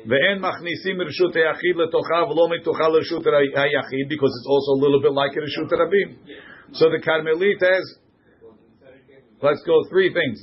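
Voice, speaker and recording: A man teaching a Talmud class, reading Hebrew and Aramaic phrases aloud and translating each one into English for his students in a classroom. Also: on the high side. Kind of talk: classroom Gemara lesson. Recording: muffled lo-fi classroom recording.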